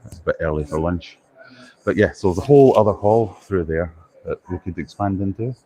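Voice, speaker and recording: A man's voice: sits low, brisk, warm tone. A man hosting a casual live walkaround at a busy indoor trade show, chatty and self-deprecating, thinking aloud as he goes. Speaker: livestream host. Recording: noisy exhibition hall ambience. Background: crowd chatter and hall noise.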